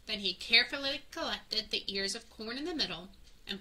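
Bright-voiced woman reading a picture book. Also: on the high side, lively intonation, moderate pace, rough recording. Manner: adds friendly teaching asides. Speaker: children's story reader.

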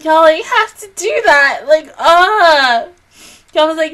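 High-voiced woman gushing through happy tears. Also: lively intonation, slow pace, noisy background. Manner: gushing, tearful, laughing between words. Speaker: anime reaction YouTuber. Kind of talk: emotional casual reaction review.

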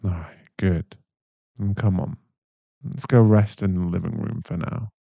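A young man in a whispered role-play, voicing a caring, protective boyfriend who speaks softly and reassuringly, with a gravelly voice. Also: low-pitched, fairly even intonation, dry recording, lo-fi sound. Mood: soothing. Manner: soft, reassuring, slow-spoken. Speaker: ASMR voice actor.

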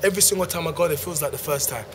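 A man's voice: a little high, racing, slight background noise. A man, a stand-up comedian riffing playfully and rambling through a promo to camera. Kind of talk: improvised comic promo to camera.

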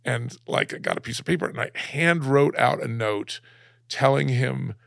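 A middle-aged man from Alabama, a guest telling a personal story in a halting way, close to tears, on a close podcast mic. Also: medium pitch, gravelly, no room sound. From Alabama, USA. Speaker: guest, cartoonist.

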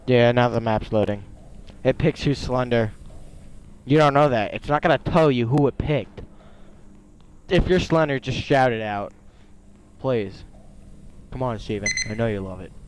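A young man commentating his own game live, excitable and swearing, whining at the other players. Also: medium pitch, measured pace, pauses often, a little hiss or hum, low-quality recording. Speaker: gamer.

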